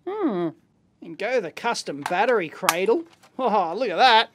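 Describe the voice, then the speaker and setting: A middle-aged man with an Australian accent, hosting a casual unboxing video from his electronics lab in an excitable, rambling way full of exclamations and slang. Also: high-pitched, unhurried, background noise. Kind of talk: casual unboxing and teardown commentary.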